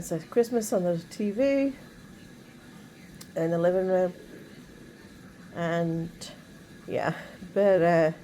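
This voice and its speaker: A woman's voice: lowish voice, a little mellow, a little hiss or hum, poor audio. A woman chatting casually in her bedroom, rambling with many asides. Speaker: vlogger. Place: bedroom at home.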